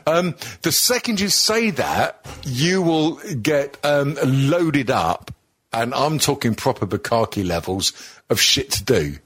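Crude joking man, slightly husky voice. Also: medium pitch, very animated, slow pace, fairly bright tone, dry recording. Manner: crude joking, teasing, many ums. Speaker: podcast co-host. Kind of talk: casual sweary banter.

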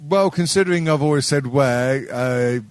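In a casual, comedic podcast chat, a middle-aged host rambles through a story, swearing and often laughing. His mid-range voice keeps a normal pace, and there's no echo.

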